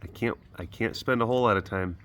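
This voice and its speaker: A man's voice: fairly low pitch, fast talker, a bit bright. A man chatting casually to camera outdoors by animal enclosures, doting and affectionate toward the cats. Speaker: vlogger at a wild animal facility. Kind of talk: casual vlog chat to camera.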